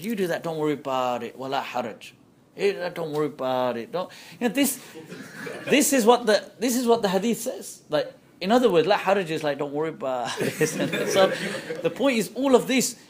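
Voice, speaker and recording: Male Islamic scholar, lively conversational lecturer with a higher-pitched voice, taped with faint hiss. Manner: animated and conversational, acting out quoted voices; frequent quick laughs. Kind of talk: lively lecture to a live audience. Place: indoor talk before a small audience.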